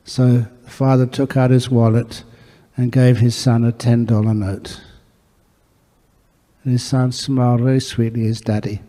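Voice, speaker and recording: A Buddhist monk giving an earnest storytelling talk, answering questions from a meditation audience. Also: male voice, mid-range voice, flat delivery, moderate pace, warm tone. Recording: echoey hall.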